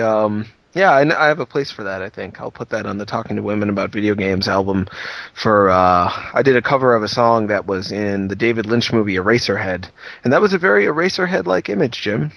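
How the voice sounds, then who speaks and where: A man's voice: fairly low pitch, fairly quick, gravelly, fairly bright tone, dry recording. Easygoing man in a dry, dead room. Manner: easygoing, thoughtful, self-deprecating. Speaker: podcast co-host. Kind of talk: casual chat.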